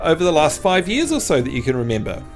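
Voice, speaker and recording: A streamer from New Zealand, whose Kiwi accent has an Australian tinge, comments on a card game while chatting with viewers. He talks fast in a fairly high voice that rises when he's excited, lively and chatty, with faint music behind him.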